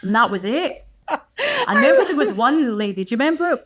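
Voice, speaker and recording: A middle-aged Scottish woman, a guest actor, telling lively anecdotes in a casual podcast chat and laughing often. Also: sits high, brisk, background noise.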